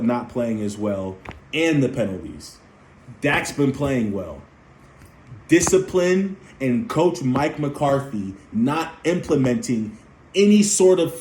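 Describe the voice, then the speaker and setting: A young man fires off an emphatic fan rant, hammering the same points again and again. His voice sits at a middle pitch, and the room around him rings with a noticeable echo. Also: animated, slow pace, darkish tone, slight background noise. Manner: heated, repetitive, emphatic. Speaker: sports commentator. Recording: roomy echo.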